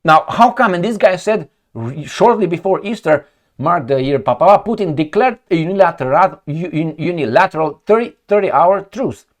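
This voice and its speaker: A man's voice: fairly high pitch, lively intonation, normal speed. A man commenting on news headlines with heated sarcasm, rhetorical questions and frequent profanity. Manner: mocking retorts and rhetorical questions. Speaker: political commentator.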